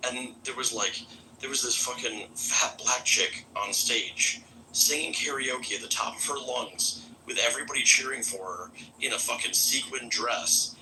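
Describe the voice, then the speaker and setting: A man's voice: mid-range voice, unhurried, sharp tone, a little hiss or hum, poor audio. A man from Florida in casual live-stream chat, loose and profane with many filler words.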